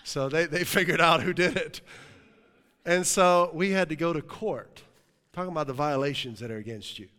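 A middle-aged man preaching from the pulpit, his voice slightly higher than most men's. He tells stories in an animated, joking manner. His words ring out with a long reverb from the church hall. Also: moderate pace. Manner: animated storytelling, jokes and laughs with the congregation. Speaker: pastor. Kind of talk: sermon. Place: church sanctuary.

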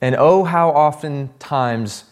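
A man's voice: on the high side, takes it slowly. A male pastor preaching a sermon in a conversational way, voicing the Bible dialogue himself.

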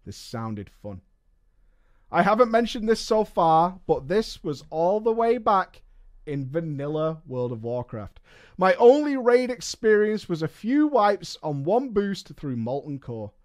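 Male streamer, fairly high and very animated, swears and jokes while reading a story to chat. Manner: animated, swears and laughs often, reads in quick asides. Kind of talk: reading aloud with live reactions.

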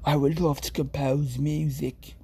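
A man voicing a pompous, refined male composer, using a put-on English accent and slow, grandiose delivery. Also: a little high, little pitch movement, creaky, warm tone, slight background noise, voice pushed up.

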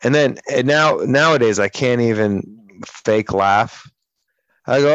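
A man's voice: medium pitch, slow pace, fairly bright tone, dry recording, lo-fi sound. A man co-hosting a radio show, telling stories in casual banter with a crude, profane, sardonic manner. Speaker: radio co-host.

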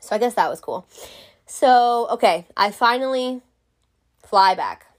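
A woman's voice: on the high side, animated, a little slow. A young woman telling a storytime vlog in a blunt, exasperated, profane way. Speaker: vlogger.

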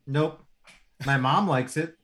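A man from the Philadelphia area co-hosting a podcast in casual chat, giving dry, deadpan short replies. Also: fairly high pitch, slow. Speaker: podcast co-host.

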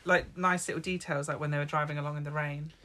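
A co-host chatting casually about a film, agreeable, teasing and quick to laugh. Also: medium pitch, flat delivery, sharp tone. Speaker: podcast co-host. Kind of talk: casual film review chat.

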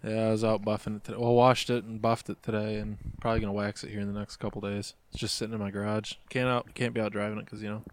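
A man's voice: lowish voice, little pitch movement, fast, few pauses. A man co-hosting a casual podcast, laid-back, tossing in dry quips. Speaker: podcast co-host. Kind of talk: casual chat.

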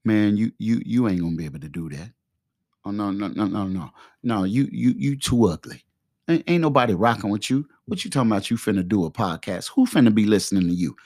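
Mocking male voice of self-doubt, put on by a man, low and sneering, stammering jabs, dry sound. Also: expressive, a little fast, a little mellow, dry recording.

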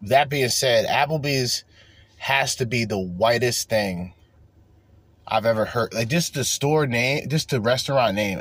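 Husky, ranting man with a lively voice. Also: medium pitch, no echo. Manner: profane, animated ranting with mocking put-on voices. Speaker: podcast host. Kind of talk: solo rant podcast.

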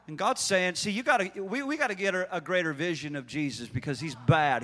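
A man preaching a sermon, swinging from hushed asides to shouted proclamations. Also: high voice, sing-song, normal speed, few pauses, in a large hall. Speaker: pastor.

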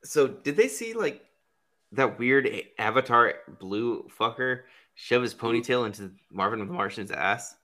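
A man's voice: mid-range voice, expressive, measured pace, bright, forceful tone. A man hosting a podcast, rambling through crude, profane comedic banter and laughing at his own jokes. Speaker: podcast host.

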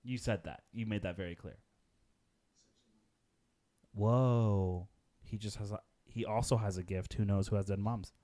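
A man co-hosting a casual movie podcast, chatting through a film with quick asides and frequent laughter. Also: on the low side, fairly even intonation, mellow. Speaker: podcast co-host. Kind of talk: casual movie watch-along chat.

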